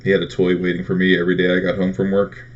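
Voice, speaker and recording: Man w a really deep voice chatting on a live show, acts out quotes, kinda muffled lo-fi sound. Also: rapid-fire. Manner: animated storyteller, acts out quotes. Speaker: co-host. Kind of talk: casual chat. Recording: dull lo-fi audio.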